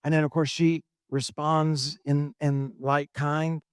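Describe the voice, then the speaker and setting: A middle-aged pastor preaching a sermon in a conversational way, often asking the congregation questions. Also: male voice, a little high, level tone, slow, clean tone, no room sound, studio quality.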